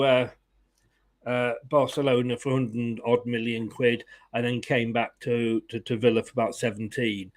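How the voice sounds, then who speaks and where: A man hosting a casual fan live stream, chatting, laughing and greeting viewers in the chat. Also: mid-range voice. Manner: chatty, laughs often, reads viewer comments aloud. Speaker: fan channel host.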